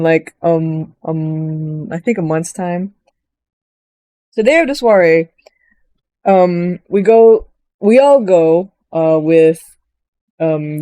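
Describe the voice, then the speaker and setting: A woman chatting casually as she recaps a story, rambling with many fillers and jumping into a higher voice to quote characters. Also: dark tone, clean tone, no echo. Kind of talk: casual chat.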